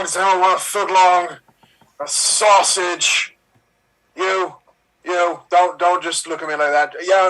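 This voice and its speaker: A man's voice: fairly high pitch, sharp tone, rough recording. A man playing a pushy hot dog seller dressed as a clown, in a vague put-on accent.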